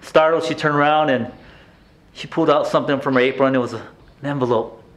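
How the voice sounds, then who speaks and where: An actor playing a haunted male inmate reliving his painful youth, telling it in a halting, emotional theatrical monologue with stammered restarts. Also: medium pitch, steady tone, fairly bright tone, lightly acted. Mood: tender.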